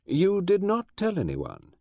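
A man's voice: high-pitched, huge pitch swings, unhurried, mellow, no echo, clean studio sound, voice pushed up, full character voice. A man voicing a stern male chief constable who asks short, terse questions in an audiobook. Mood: questioning. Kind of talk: audiobook character voice.

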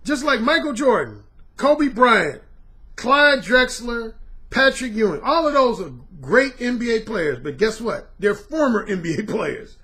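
A man's voice: extremely high pitch, big pitch swings, a little slow, sharp tone. A middle-aged man and dating coach talking bluntly and casually to his viewers, dropping "man" and slang as he goes. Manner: blunt, colloquial, repeats "man".

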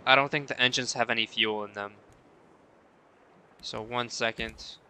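A man's voice: mid-range voice, fairly even intonation, normal speed, pushed and bright, a little hiss or hum. A man chatting casually on a live stream while he plays, reading viewer messages aloud and answering them playfully.

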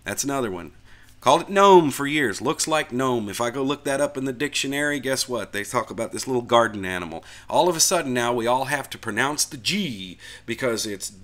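A middle-aged man hosting a Linux video channel, talking through a casual opinion rant with animated, frustrated asides and conversational fillers. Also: medium pitch, a little fast, few pauses.

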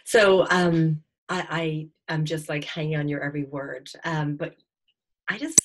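A woman hosting a podcast interview who asks gentle questions, hesitating with many ums and restarts. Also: low voice, unhurried. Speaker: podcast host. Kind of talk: casual interview chat.

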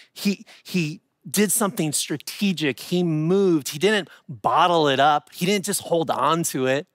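A man's voice: high-pitched, dry recording, clean studio sound. A middle-aged man preaching a sermon as pastor, talking in a loose, conversational way and often restarting words. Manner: conversational and animated, with many repeated starts.

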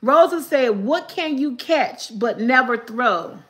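A woman chats casually on a live stream, reading her viewers' riddles aloud. Her voice sits high, and she talks slowly, repeating each question and breaking into laughter often. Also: expressive, a bit bright.

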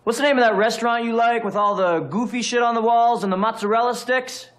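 An actor playing a cop who teases a colleague in a mocking tone, in a film scene. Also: male voice, very high voice, steady tone, fast, fairly bright tone. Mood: teasing.

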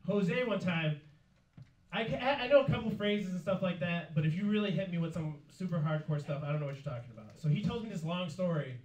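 A man's voice: high-pitched, expressive, fairly quick. Sheepish man doing a stand-up set. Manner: sheepish storytelling, acts out other people's lines. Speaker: stand-up comedian. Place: comedy club stage. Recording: echoey club with noise, from a distance. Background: audience laughter.

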